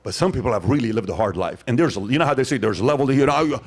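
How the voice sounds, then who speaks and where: A man's voice: medium pitch, rapid-fire, slightly rough. Emphatic man telling a story. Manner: emphatic, storytelling, animated asides. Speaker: host. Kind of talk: casual podcast chat.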